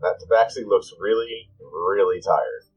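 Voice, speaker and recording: Low-voiced male game master. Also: unhurried, soft background music, rough recording. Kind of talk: narrating a tabletop game.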